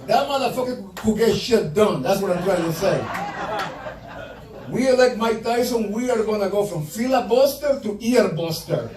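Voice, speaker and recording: High-voiced male comic in a loud club. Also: lively intonation, normal speed. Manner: profane punchy storytelling, acts out quotes. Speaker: stand-up comedian. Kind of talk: stand-up comedy set. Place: comedy club stage. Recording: roomy club sound from far off, loud crowd laughter. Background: audience laughing.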